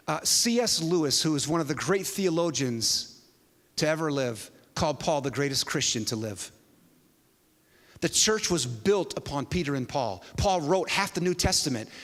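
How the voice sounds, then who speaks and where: A man preaches in a large church hall, his voice high and bright. He tells a story with an animated delivery, dropping low and soft, then rising loud. Long reverb trails after each phrase. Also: measured pace. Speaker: pastor. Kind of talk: sermon.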